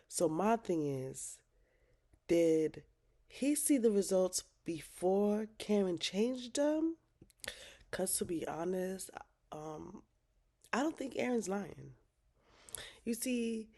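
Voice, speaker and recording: A woman's voice: on the low side, dark tone. A woman vlogger recapping a TV drama episode in casual, slangy talk, swearing freely.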